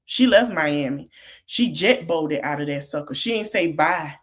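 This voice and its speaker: A woman's voice: low-pitched, expressive, measured pace. Chatty woman podcaster recapping reality TV. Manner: chatty, Southern-tinged slang, laughs often. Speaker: podcast host.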